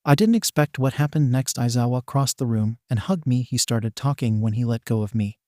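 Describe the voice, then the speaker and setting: A man reading a fan fiction story aloud in the first person, in a flat, even voice that barely changes for the other characters. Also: mid-range voice, brisk, hardly any pauses, no room sound, clean studio sound. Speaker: narrator.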